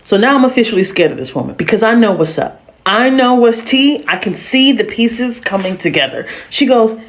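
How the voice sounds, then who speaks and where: A woman telling a personal story in a casual, animated way, full of sassy slang asides. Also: fairly high pitch, a little fast, slight background noise.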